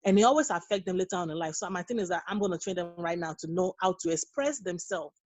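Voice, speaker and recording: A woman's voice: on the low side, fast talker, a little mellow, dry recording, low-quality recording. Earnest woman telling stories, dry sound. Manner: earnest, storytelling, acts out quoted dialogue. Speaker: guest, nurse and mother. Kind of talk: casual interview conversation.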